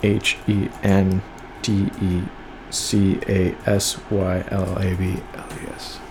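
A man's voice: sits low, completely flat delivery, slow, darkish tone, a little hiss or hum. A man casually reading old poems aloud and commenting on them with wry, profane asides, sometimes stopping to spell out words. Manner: reads lines aloud then riffs with wry, profane asides; spells out words letter by letter while looking them up. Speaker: podcast host reading poems.

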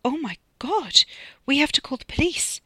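Narrator putting on a shrill, frightened young woman. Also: lively intonation, normal speed, pushed and bright, no echo. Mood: alarmed. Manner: alarmed, high and urgent. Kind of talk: audiobook reading.

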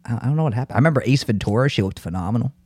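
Chatty man with a lively voice. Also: mid-range voice, rapid-fire, slightly rough, no room sound. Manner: chatty, many "like" fillers, laughs often. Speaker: podcast co-host. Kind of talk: casual chat.

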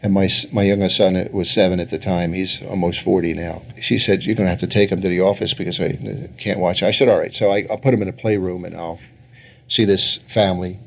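Speaking fairly quickly with a low, fairly even voice and vocal fry, an older family therapist answers interview questions through anecdotes. He laughs often and acts out what others said in quotes.

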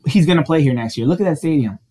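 A man's voice: on the high side, animated, very fast, warm tone, husky. A man from Wisconsin co-hosting a podcast in casual chat, playful and teasing, hyping things up. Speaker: podcast co-host.

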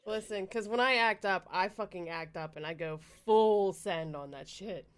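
A woman's voice: medium pitch, moderate pace, clear, resonant tone. A woman chatting casually, teasing and crude, who often breaks into giggles. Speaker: podcast co-host. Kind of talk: casual chat.

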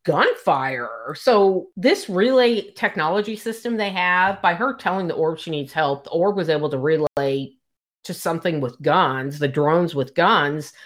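A woman co-hosting a casual book chat, retelling the plot with lively quotes. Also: low-pitched, unhurried. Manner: retells plot animatedly, quoting characters. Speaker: book podcast co-host.

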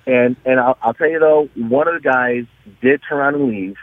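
A guest who owns a dyno shop tells animated stories during a casual radio interview, calling in on a tinny phone line. He has a husky, mid-range voice and speaks at a moderate pace, often restarting sentences, in a dry recording.

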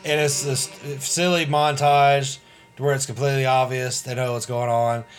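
A man at an ordinary middle pitch recaps a movie in loose, casual chat. He sounds relaxed and a bit crude, and he trades lines back and forth with his co-host, with faint music somewhere behind. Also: moderate pace.

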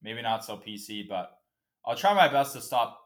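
A man's voice: medium pitch, very animated, moderate pace. Profane, fired-up man hosting a podcast. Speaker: podcast host. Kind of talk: casual solo podcast rant.

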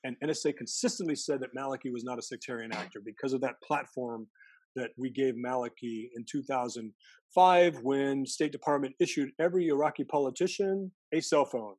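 A man being interviewed as a former intelligence analyst, talking in an animated storytelling way and often restarting his sentences. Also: mid-range voice, a little fast, breathy edge, no echo. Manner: animated storytelling, mimics quoted voices, frequent self-restarts. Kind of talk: conversational interview.

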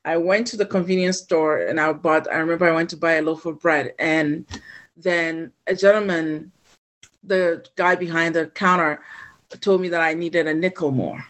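A woman from Ghana, a guest on a podcast, tells a long personal story. Her voice sits a little low, and she acts out the voices of the people in it as she goes. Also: moderate pace. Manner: animated storyteller who acts out quoted voices.

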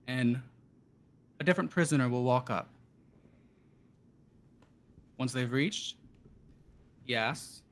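A man narrating as game master of a tabletop game, in loose, halting speech full of fillers. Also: mid-range voice.

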